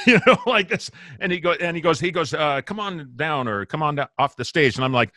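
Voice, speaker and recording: A man being interviewed as a guest musician, telling stories in a lively, casual way, laughing often and acting out what people said. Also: a little high, fairly quick, no echo. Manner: animated, laughs often, acts out quotes. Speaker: guest bassist.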